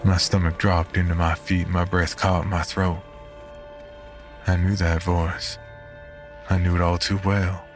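Deep-voiced man narrating horror. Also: little pitch movement. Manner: measured, grim storytelling. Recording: narration over background music.

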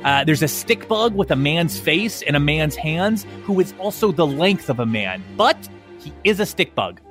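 A man's voice: a little high, big pitch swings, normal speed, a bit bright, faint music behind. A man narrating a tabletop game as game master, describing scenes in a playful, vivid way.

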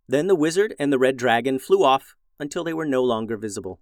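A man narrating a scripted children's story in a gentle, expressive storytelling manner, as host of the show. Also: medium pitch, fast talker, hardly any pauses, dry recording, clean studio sound.

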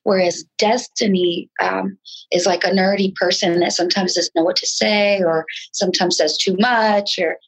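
A woman from New York, a rapper talking in a casual interview, with a nasal voice and halting speech full of restarts. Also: fairly even intonation, husky, low-quality recording. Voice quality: nasal, sometimes high-pitched. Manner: frantic, halting speech with many restarts and fillers. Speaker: rapper guest.

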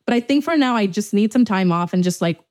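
A young woman co-hosting a podcast in casual chat, animated and swearing freely, acting out quotes in a higher voice. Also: fast talker. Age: young adult. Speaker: podcast co-host.

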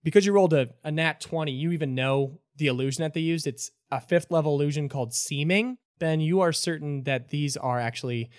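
A man's voice: fairly high pitch, brisk, few pauses, dry recording, studio quality. Man running a tabletop game. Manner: loose, filler-heavy narration. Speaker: game master.

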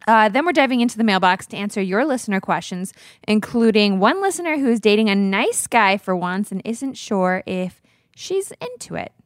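A podcast co-host in her thirties chats casually and laughs often while telling stories. Her medium-pitched voice is animated at a normal speed, recorded in a clean studio with no room sound.

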